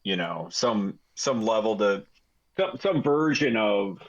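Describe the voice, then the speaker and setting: A man's voice: lowish voice, expressive, slow, muffled recording. A man running a tabletop game as game master, rambling and correcting himself with jokes. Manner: rambling, self-correcting, jokey.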